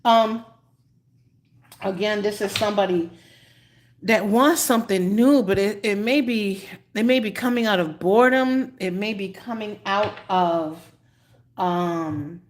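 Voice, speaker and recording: A woman giving a live tarot reading, chatty and unhurried, choked up and often clearing her throat. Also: mid-range voice, a little hiss or hum. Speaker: tarot reader.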